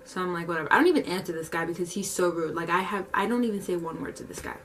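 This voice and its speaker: A woman's voice: on the low side, recorded from a distance, slight background noise. A young woman animatedly telling a story in casual, slangy speech. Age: young adult. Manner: animated, slangy, fast retelling.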